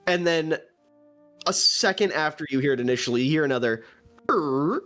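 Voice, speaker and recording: A man narrating a tabletop game as game master in a relaxed, filler-laden way. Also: fairly high pitch, a little fast, faint music behind.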